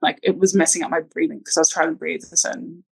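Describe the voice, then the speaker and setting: A woman's voice: deep voice, steady tone, quick pace, vocal fry, a little mellow, slightly rough, rough recording. A woman telling her birth story in a casual interview, chatty with lots of ums and likes. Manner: chatty, many ums and likes, acts out quotes.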